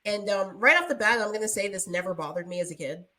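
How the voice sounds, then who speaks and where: A woman's voice: medium pitch, quick pace, bright, forceful tone. A young woman co-hosting a podcast, chatting casually and rambling with many fillers. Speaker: podcast co-host. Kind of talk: casual chat.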